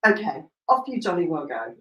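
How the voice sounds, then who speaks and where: A woman teaching a live online hairdressing class, lively and emphatic, laughing often. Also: sits low, brisk, dull audio, a crowd in the background. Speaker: hairdressing educator.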